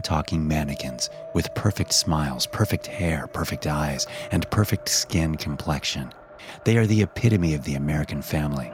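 A man with a very low voice narrates a first-person horror story in a measured, dramatic way. Clear music plays underneath him.

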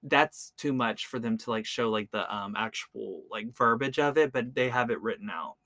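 A man hosting a podcast, telling a true crime story in a relaxed, casual way with lots of "like" and "um". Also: medium pitch, moderate pace, no room sound. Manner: relaxed, peppered with "like" and "um". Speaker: podcast host.

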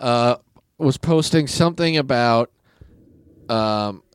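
A man's voice: mid-range voice, takes it slowly, clear, resonant tone, no room sound, clean studio sound. A man hosting a casual comedy podcast, laughing often and acting out punchlines. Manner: laughs often, acts out punchlines in put-on voices. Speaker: podcast host.

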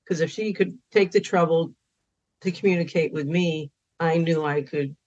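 A woman's voice: sits low, normal speed, darkish tone. A woman, a spiritual counselor, earnestly telling a personal story as a podcast guest, at times emphatic. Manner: earnest, emphatic in moments of feeling. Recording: dull lo-fi recording.

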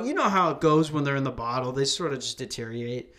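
A man's voice: mid-range voice, lively intonation, fast, sharp tone. A young man from Minnesota in casual podcast chat, rambling and swearing, laughing as he tells stories. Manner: rambling, profane, laughs through his stories.

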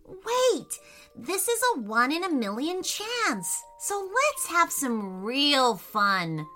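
Casting: woman putting on a high, eager little boy for a storybook, lively and animated. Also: a little slow, faint music behind, full character voice. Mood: excited. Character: excitable young boy who knows dinosaurs.

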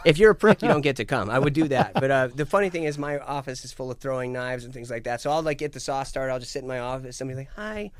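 An American man in casual chat, talking in an animated, profane, ranting way with put-on quotes. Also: mid-range voice, racing, hardly any pauses. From United States. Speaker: guest musician.

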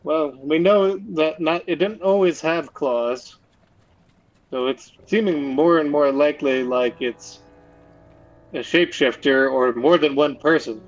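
A man's voice: a little high, unhurried, lo-fi sound. A man playing a tabletop game, asking questions and reasoning aloud about clues. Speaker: player.

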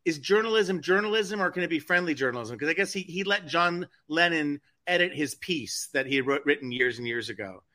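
Bright-voiced chatty man. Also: fairly high pitch, lively intonation, a little fast, hardly any pauses. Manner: rambling, indignant commentary with many restarts. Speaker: co-host. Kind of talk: casual chat.

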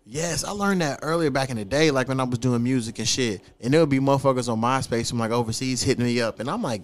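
A man in his thirties, hosting a casual podcast and talking in a profane, animated way with frequent laughs. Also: mid-range voice, quick pace, hardly any pauses. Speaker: podcast host.

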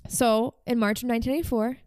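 Brief: woman podcast host, casual storyteller, a bit high and smooth, dry sound. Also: steady tone, fast talker, darkish tone, no room sound. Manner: chatty, frequent "like" fillers.

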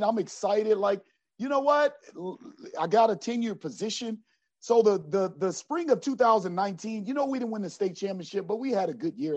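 A middle-aged man with a fairly high voice tells his story of faith with earnest feeling. He is lively at times, then drops to a low, quiet tone. The recording is dry and a little dull. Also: dry recording. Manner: earnest and animated, often dropping to a low quiet voice. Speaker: basketball coach. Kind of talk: personal faith testimony in an interview. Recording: dry, slightly dull sound.

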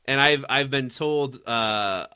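A man's voice: medium pitch, takes it slowly, sharp tone, smooth, no room sound, studio quality. A young married man co-hosting a podcast, chatting casually, laughing often and stumbling over his words. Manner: laughs often, stammers and restarts. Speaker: podcast co-host. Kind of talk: casual chat.

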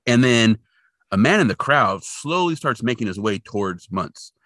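A man co-hosts a podcast, casually recapping a TV episode and jokingly acting out the characters' lines in quick voices. His mid-range voice is lively and a bit bright, captured in clean studio sound with no echo.

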